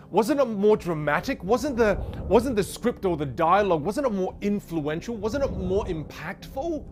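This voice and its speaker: A man teaching a communication lesson, energetic and full of rhetorical questions. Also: high-pitched, noisy background. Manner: energetic, rhetorical questions, demonstrates trailing off and fillers. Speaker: communication coach. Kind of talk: instructional lesson.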